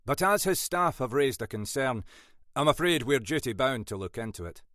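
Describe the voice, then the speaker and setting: A man with a Scottish accent voicing a calm, courteous detective inspector with a quietly dry manner. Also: medium pitch, moderate pace, no room sound, voice pushed up, natural voice.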